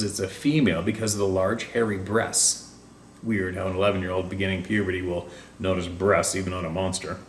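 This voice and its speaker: Low-voiced man telling a tense story. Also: a little hiss or hum. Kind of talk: first-person story narration. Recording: roomy, distant mic with faint ambience.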